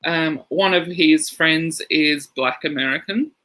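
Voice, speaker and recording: Bright-voiced man telling stories. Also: on the high side, slow pace, rough recording. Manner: rambling storyteller, laughs through anecdotes. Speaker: podcast co-host. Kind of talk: casual chat.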